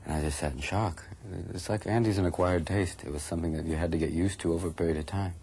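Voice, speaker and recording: A man's voice: deep voice, fast, a little mellow, slightly rough. A man reminiscing in an interview, reflective and sometimes emphatic.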